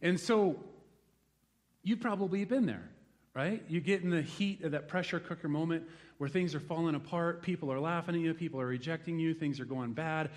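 A man in his forties preaching a sermon to a congregation, telling a lively story from his rural youth and then growing quiet and reflective. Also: fairly high pitch, fairly quick. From rural United States. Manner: animated storytelling, swings from loud exclaims to hushed reflection. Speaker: pastor. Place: church hall before a congregation.

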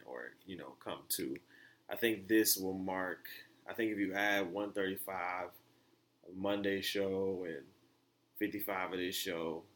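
Animated man hosting a solo podcast. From United States. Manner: rambling, animated, many fillers and restarts, voice jumps high when excited. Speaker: podcast host. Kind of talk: casual solo podcast monologue.

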